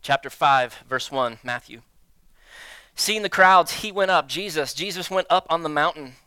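A lead pastor giving a candid, self-deprecating sermon to his church, telling stories with an animated delivery. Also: fairly high pitch, moderate pace, smooth, dry recording. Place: church sanctuary.

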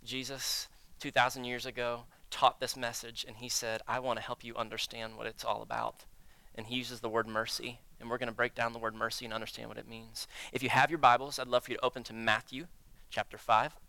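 A man preaching as lead pastor of a church, candid and self-deprecating, with animated storytelling. His voice is bright and smooth, and it sits close and dry on a stage microphone. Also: medium pitch, dry recording. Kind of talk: sermon. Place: church sanctuary.

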